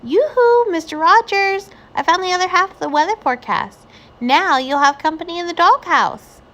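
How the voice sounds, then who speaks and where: A woman voicing a cheerful, literal-minded housekeeper in a children's storybook, earnest and bright. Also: a little high, very animated, a little slow, pitched above the performer's own voice, heavily acted.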